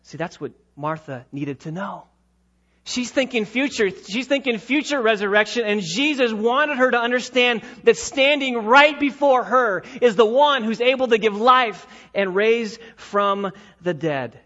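Man, pastor, sermon, high voice, loud-to-hushed dramatic delivery, muffled lo-fi sound. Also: lively intonation, measured pace.

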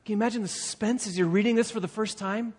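Male pastor, fairly high voice, emphatic sermon delivery with repeated phrases, long hall reverb. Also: fairly even intonation, quick pace, slightly rough. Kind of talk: expository sermon.

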